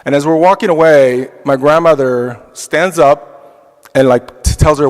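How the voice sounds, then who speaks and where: A man's voice: medium pitch, unhurried. A man teaching an adult church class, telling a personal story in a reflective way with casual fillers. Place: church hall. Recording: long reverb of a church hall.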